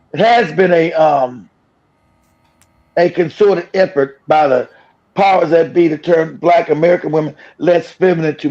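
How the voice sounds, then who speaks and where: A man's voice: high-pitched, a little mellow. A man hosting a streamed reaction show, speaking bluntly and profanely and laughing often. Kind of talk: reaction commentary. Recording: dull lo-fi stream audio.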